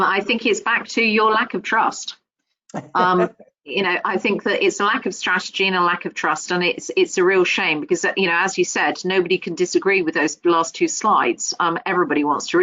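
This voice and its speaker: A woman hosting a webinar, hesitant with many pauses and effusive in her thanks. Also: fairly low pitch, fairly even intonation, sharp tone, no echo, highs cut off. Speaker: webinar host.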